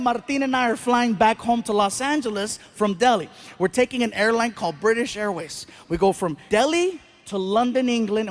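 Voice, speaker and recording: High-voiced man doing animated stand-up. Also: slight background noise. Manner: animated, acts out voices and shouts punchlines. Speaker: stand-up comedian. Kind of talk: stand-up storytelling. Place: large live venue with audience.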